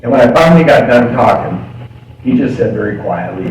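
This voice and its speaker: Animated man telling his recovery story. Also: mid-range voice, fairly quick. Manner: animated storyteller, laughs often, confiding. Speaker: AA speaker. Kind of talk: recovery story told from a podium. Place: meeting hall. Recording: echoey hall, distant mic, background noise.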